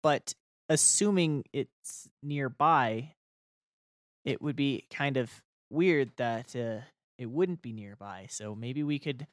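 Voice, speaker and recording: A man plays in a tabletop game, thinking aloud in loose sentences full of fillers and quick laughs. His voice sits close to the mic and sounds dry, with no room behind it. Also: mid-range voice, no room sound. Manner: rambling, laughing, many fillers. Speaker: player. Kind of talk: casual tabletop play.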